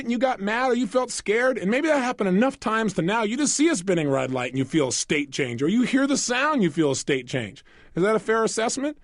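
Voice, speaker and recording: A man speaking in a higher register, his pitch swooping up and down as he teaches. The recording is close and dry, with no room around it. He keeps asking the listener questions and plays out little scenes. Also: dry recording. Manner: animated, asks listeners questions and acts out quoted voices. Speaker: motivational speaker. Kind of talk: recorded self-help program talk.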